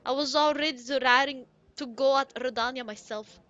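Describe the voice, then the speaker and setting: Woman doing a burly male rock-creature miner, mock Irish accent, hearty, loud, bright. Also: high voice, steady tone, moderate pace, muffled recording. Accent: attempted Irish. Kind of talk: reading game dialogue aloud in a put-on voice.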